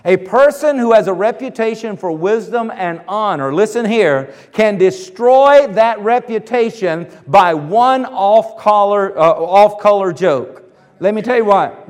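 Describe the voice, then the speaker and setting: A man preaching a sermon as pastor, emphatic, swinging between loud bursts and hushed asides. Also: high-pitched, in a large hall.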